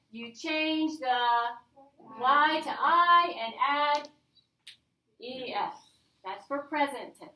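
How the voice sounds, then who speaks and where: Female teacher, high and bright, slow and upbeat, recorded from afar in an echoey classroom. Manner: upbeat, coaxing, checks in with "all right?". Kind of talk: classroom grammar lesson. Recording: echoey room, voice from a distance.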